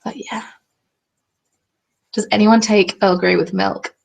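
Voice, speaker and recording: A young woman with a southern English accent chats on a live stream, rambling from topic to topic and filling the gaps with ums. Her voice sits at an ordinary middle pitch but carries a noticeable vocal fry. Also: steady tone, takes it slowly. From southern England. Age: 20s. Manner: chatty, rambling, full of ums, answers viewers' comments. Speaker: craft channel host. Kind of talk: casual chat on a live stream.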